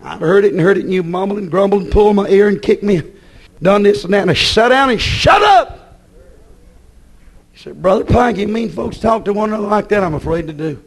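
High-voiced scolding preacher. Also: male voice, fast. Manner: folksy, scolding, swings from loud to low. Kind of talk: sermon.

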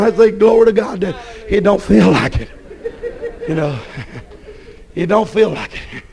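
Preacher, male, husky high voice, shouts then drops low to tell stories. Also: normal speed, pauses often. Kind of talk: fiery sermon.

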